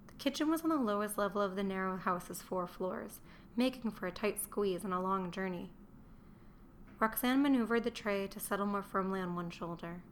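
A woman reading a historical novel aloud, measured and dry. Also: medium pitch, slight background noise. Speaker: narrator. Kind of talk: audiobook narration.

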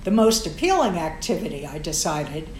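A woman's voice: low-pitched, big pitch swings, normal speed, darkish tone, slight background noise. Wry woman narrating in a roomy echo. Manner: wry, sardonic. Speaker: audiobook narrator. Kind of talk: first-person fiction narration.

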